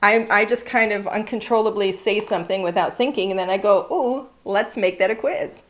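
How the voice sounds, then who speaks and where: A woman's voice: medium pitch, fairly quick. A woman hosting a live card-making class, chatty and upbeat, greeting viewers by name as she demonstrates. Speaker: craft class host. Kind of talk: live-streamed craft demonstration. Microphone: overhead camera setup.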